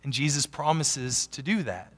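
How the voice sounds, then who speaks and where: A man preaching a sermon as a pastor, animated, swinging from loud emphatic peaks down to quiet asides. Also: medium pitch, normal speed. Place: church sanctuary. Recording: long church hall reverb.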